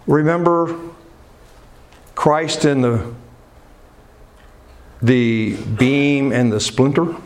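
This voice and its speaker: A man's voice: a little high, steady tone, slow pace, long pauses. A man preaching a sermon to a congregation, asking questions and answering them himself. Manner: preaching with call-and-response questions. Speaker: pastor.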